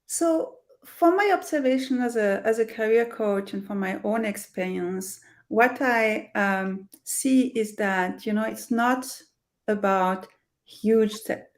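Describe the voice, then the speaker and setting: A woman's voice: mid-range voice, takes it slowly. A middle-aged woman with a French accent, a career coach speaking earnestly and reflectively in an interview over a video call, with many fillers and restarts. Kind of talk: interview conversation.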